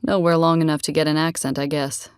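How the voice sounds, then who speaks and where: A woman's voice: deep voice, flat delivery, brisk, clear, resonant tone, no echo, studio quality, pitched below the performer's own voice, natural voice. A woman voicing a rugged, teasing young man. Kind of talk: audiobook character reading.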